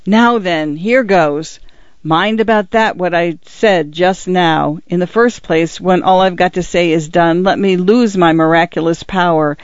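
A man's voice: high voice, a little slow, clear, resonant tone, no room sound, highs cut off. A man voicing a flustered, middle-aged ordinary clerk out of his depth, speaking in plain colloquial grammar in an audiobook. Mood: earnest pleading. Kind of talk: audiobook character voice.

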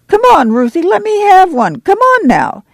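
A woman's voice: very high voice, wildly swooping pitch, normal speed, vocal fry, no room sound, clean studio sound, voice pushed up, exaggerated voice. A woman voicing a whiny, pleading small farm boy in a storybook reading.

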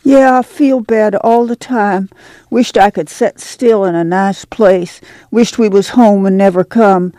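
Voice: mid-range voice, steady tone, unhurried, warm tone, no echo, voice pushed up, close to an everyday voice. A reader voicing a sulky, complaining young pregnant woman in whiny rural dialect.

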